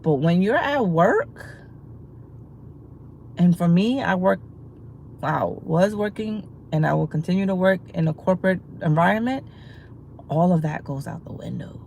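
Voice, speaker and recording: A woman's voice: lowish voice, expressive, unhurried, gravelly, pauses often, darkish tone, slight background noise, rough recording. A woman hosting a livestream, chatting casually to her viewers in rambling talk full of fillers and restarts, and laughing easily. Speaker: livestream host.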